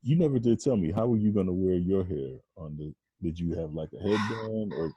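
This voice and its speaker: Podcast guy asking teasing questions, super deep dark husky voice, dry close sound. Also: animated, fairly quick, no room sound, dull audio. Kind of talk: casual chat, asking questions.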